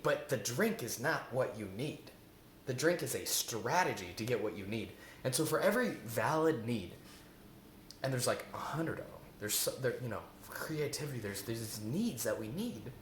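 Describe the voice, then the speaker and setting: A man's voice: medium pitch, lively intonation, normal speed, a little hiss or hum. Earnest man teaching in an echoey room. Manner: earnest and repetitive, asks rhetorical questions. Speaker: eating coach. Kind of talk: spoken self-help lesson.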